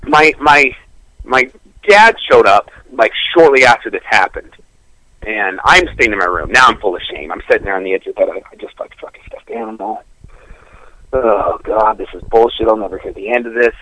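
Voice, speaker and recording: Man, crude storyteller, lively pitch, bright voice, dry close sound. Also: normal speed, dry recording, rough recording. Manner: profane, animated, laughing through the story.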